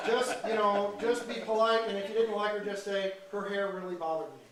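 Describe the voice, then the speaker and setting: A man doing live stand-up comedy, teasing audience members in loud banter. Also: high voice. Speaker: stand-up comedian hosting a crowd game. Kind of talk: live stand-up with crowd work. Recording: echoey room, far mic, crowd noise.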